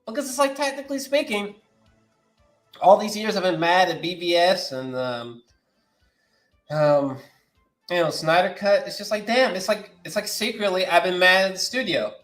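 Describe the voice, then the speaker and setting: Loud excitable man ranting in an echoey room. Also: high voice, moderate pace, faint music behind. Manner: profane, excitable, swings from shouting to muttering. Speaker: movie news vlogger. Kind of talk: animated solo movie-news rant.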